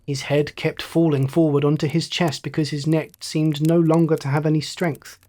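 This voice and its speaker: A male storyteller reads a bedtime tale in a slow, measured and soothing way. His voice sits a little high for a man. He keeps an even, unhurried calm throughout.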